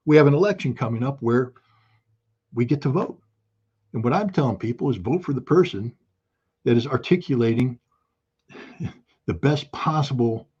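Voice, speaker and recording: A man's voice: a little high, a little mellow, slightly rough, highs cut off. A man in his sixties, a guest on a talk show, speaking urgently and emphatically, hammering his points and repeating key phrases over a video call. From United States. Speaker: guest commentator. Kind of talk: impassioned political talk.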